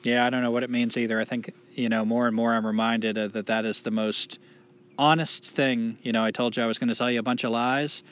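A man's voice: mid-range voice, level tone, fairly quick. A man co-hosting a casual podcast, rambling and swearing freely, poking fun at himself. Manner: rambling, profane, self-deprecating. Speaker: podcast co-host. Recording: dull lo-fi podcast recording.

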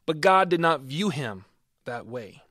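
A man's voice: fairly high pitch, animated, a little slow, pushed and bright, dry recording, clean studio sound. A man preaching a sermon and reading scripture aloud, earnest, with emphatic swells on key words.

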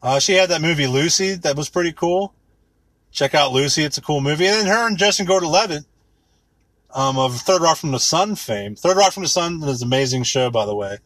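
A man in his thirties rants with sarcasm, swears freely and wanders from point to point. His voice is husky and slightly high, and it swings widely as he mocks. The recording is close and dry. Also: animated, fairly quick, fairly bright tone, no echo. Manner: rambling, sarcastic, swears a lot, mocks with put-on quotes. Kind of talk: profane comedic rant.

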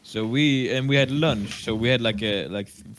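A man co-hosting a podcast, telling a rambling story full of fillers and acted-out shouts. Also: medium pitch, normal speed, a little hiss or hum. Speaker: podcast co-host. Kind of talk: casual chat.

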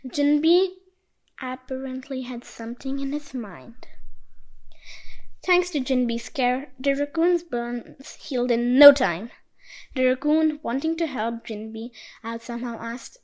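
A woman with a high, light voice reads a folk tale aloud. Her narration is expressive and animated, lifting for surprises and dropping for quiet moments. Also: unhurried, rough recording. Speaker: storyteller. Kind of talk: storybook narration.

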